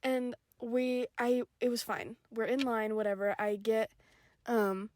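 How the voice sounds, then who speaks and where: A young woman with a high voice co-hosts a casual podcast from a parked car. She chats with frequent giggles and casual swearing. The sound is dry and close, with no room echo. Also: steady tone, unhurried, darkish tone. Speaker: podcast co-host. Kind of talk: casual chat.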